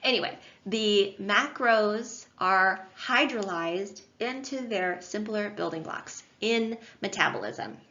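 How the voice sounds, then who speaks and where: A woman's voice: mid-range voice, animated, slow pace, hardly any pauses, pushed and bright. A woman giving a recorded online lecture in a chatty, self-deprecating way, with many fillers and restarts. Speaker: instructor. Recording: slightly dull lo-fi audio.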